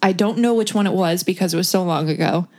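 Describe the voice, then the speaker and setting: A woman's voice: lowish voice, fast talker, darkish tone. A woman, a guest on a casual podcast, telling rambling stories with frequent giggles. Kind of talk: casual chat.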